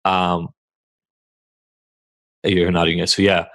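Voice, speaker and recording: A man co-hosting a podcast, speaking frankly and reflectively in a measured way with listeners. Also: deep voice, level tone, fairly bright tone. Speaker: podcast co-host. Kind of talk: candid conversation with listeners.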